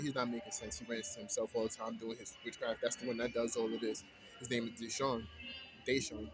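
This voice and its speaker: A man's voice: mid-range voice, a little fast, music in the background. A man ranting heatedly in a casual vlog, retelling an argument in colloquial speech.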